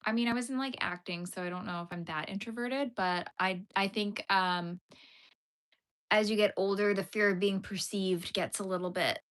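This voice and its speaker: A woman's voice: medium pitch, steady tone, normal speed, fairly bright tone. A young woman hosting a casual crochet livestream, chatting with viewers, giggly and full of "like" fillers. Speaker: livestream host.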